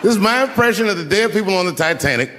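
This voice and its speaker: A man telling stand-up comedy stories onstage at a large venue into a handheld mic, swinging between shouted punchlines and low, hushed asides. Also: animated, rapid-fire. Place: large performance venue on stage. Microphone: handheld stage mic. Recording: long hall reverb, faint noise.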